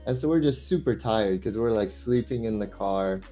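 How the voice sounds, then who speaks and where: A man's voice: on the low side, moderate pace, dark tone, soft background music. A young man, a guest English tutor, chatting casually and telling stories in a rambling way, full of "like". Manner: rambling storytelling, filled with "like". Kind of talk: casual chat.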